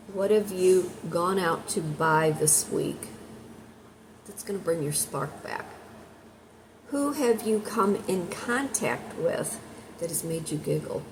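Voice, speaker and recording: A woman with a somewhat low voice chats her way through a meandering story, one tangent leading to the next. Clear noise hangs under the recording the whole time. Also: darkish tone. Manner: rambling, chatty storyteller. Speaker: content creator. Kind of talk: casual storytelling vlog. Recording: noisy background hiss.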